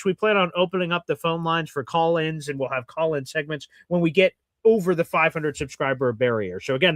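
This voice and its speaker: A man's voice: a little high, a bit bright, dry recording. A man hosting a live podcast, with upbeat promotional patter. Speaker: host.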